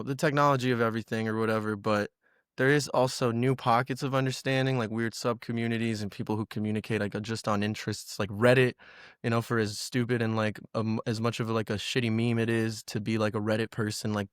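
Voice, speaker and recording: A man's voice: fairly low pitch, flat delivery, brisk, clear, resonant tone, dry recording, studio quality. A man co-hosting a podcast, chatting in a rambling, loose way and swearing casually. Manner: rambling, loose, swearing, drifts into silly bits. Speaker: podcast co-host. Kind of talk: casual chat.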